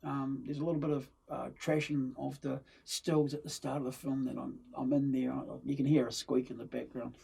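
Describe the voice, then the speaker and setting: A middle-aged New Zealand actor and film-maker chats as an interview guest, telling rambling stories packed with fillers and restarts. His mid-range voice is mellow and husky with vocal fry, with little pitch movement, a slightly fast pace, and few pauses.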